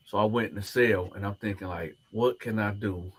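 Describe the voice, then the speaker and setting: Telling his story to camera, this ex-prisoner speaks a little quickly in a low, husky voice. He stays animated throughout, acting out what the other people said.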